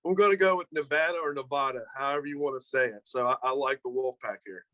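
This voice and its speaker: A man's voice: medium pitch, animated, quick pace, dry recording, muffled recording. A man co-hosting a casual chat about game picks, laid-back and joking. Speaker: co-host.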